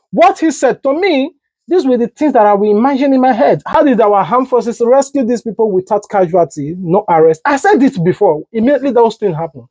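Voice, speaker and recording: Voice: mid-range voice, darkish tone, no echo, poor audio. Exasperated news blog host. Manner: exasperated, emphatic, repetitive. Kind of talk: opinionated news commentary.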